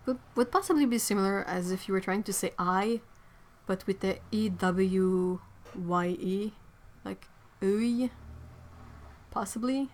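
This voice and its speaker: A woman hosting a relaxed livestream from home. Her pitch sits in the middle, and she talks in a loose, rambling way. She reads out viewer comments and laughs easily. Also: measured pace. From Quebec, Canada. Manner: rambling, chatty, laughs often. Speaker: artist livestream host. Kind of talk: casual livestream chat reading comments.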